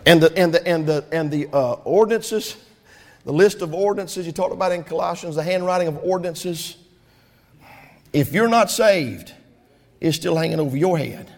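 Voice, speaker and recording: Preacher with a high voice. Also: male voice, moderate pace. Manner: preaching with rising shouts and call-and-response. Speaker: pastor. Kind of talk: sermon. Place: church sanctuary. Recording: long hall reverb.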